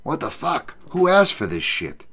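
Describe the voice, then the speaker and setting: A man's voice: on the high side, huge pitch swings, unhurried, a bit bright, breathy edge. A male podcast host giving casual betting picks and reading chat, with profane, joking, rambling banter. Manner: reads odds and chat comments aloud.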